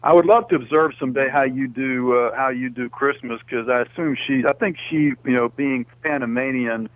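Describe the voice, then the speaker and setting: A male caller talking earnestly to a radio host, halting and restarting often. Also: mid-range voice, no room sound. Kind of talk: casual phone chat. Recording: dry tinny phone line.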